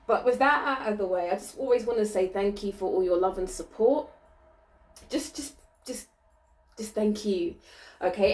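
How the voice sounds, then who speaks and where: A woman's voice: mid-range voice, a little mellow. Chatty woman card reader in an echoey room. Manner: chatty, many fillers and restarts. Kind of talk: casual card-reading vlog. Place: small indoor room with a vent.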